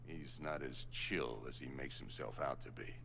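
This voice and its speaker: An actor playing a calm, wry older male surgeon in a video game, with a dry, teasing manner. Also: a bass voice, normal speed, gravelly, noisy background.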